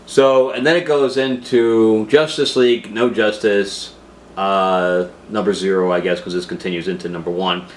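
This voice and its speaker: A man's voice: on the low side, steady tone, moderate pace, echoey room, slight background noise. A man casually talking through a comic book review, rambling with frequent filler sounds and restarts.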